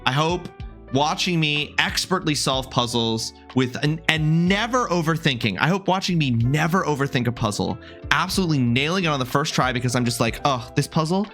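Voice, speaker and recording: A young adult man streaming a video game and talking casually with his chat. He jokes a lot, welcomes viewers by name and often restarts or drifts off mid-thought. Faint music plays softly behind him. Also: on the high side, expressive, a little fast. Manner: chatty and joking, greets viewers by name, wanders off mid-sentence.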